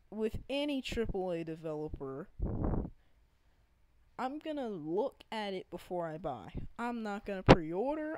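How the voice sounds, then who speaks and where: Earnest woman ranting slowly. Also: medium pitch, background noise. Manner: earnest, pleading, with halting restarts. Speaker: gaming vlogger. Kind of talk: unscripted rant to camera.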